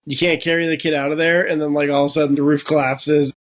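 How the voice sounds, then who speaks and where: A man's voice: on the high side, level tone, fast talker. A man on a casual film podcast panel who mocks a scene and laughs while he talks. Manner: laughing, mocking tone.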